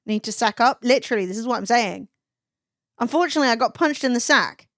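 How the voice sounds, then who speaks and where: A woman's voice: on the high side, fast talker, no echo, clean studio sound. Blunt, sweary woman streamer. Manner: blunt and profane, chatty, with animated impressions. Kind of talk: casual chat to a live stream.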